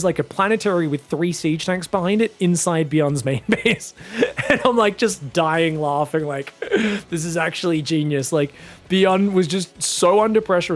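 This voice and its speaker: A man casting a video game match on his own, chatty and excitable, often laughing and restarting his sentences. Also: fairly high pitch. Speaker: esports caster. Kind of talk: solo game commentary.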